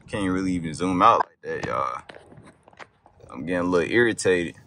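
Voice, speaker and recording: A man's voice: low voice, gravelly, sharp tone. A young man rambling casually as he films a night drive in his car, cursing and yelping at bumps. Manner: loose, rambling, cursing, with sudden yelps at bumps. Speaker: car vlogger. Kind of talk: casual driving vlog. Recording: faint car noise.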